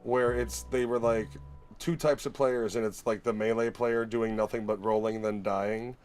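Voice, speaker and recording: A man's voice: fairly low pitch, level tone, moderate pace, a little mellow, clear, resonant tone, soft background music. Chatty, easygoing male stream guest. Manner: chatty, easygoing, laughs often. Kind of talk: casual chat.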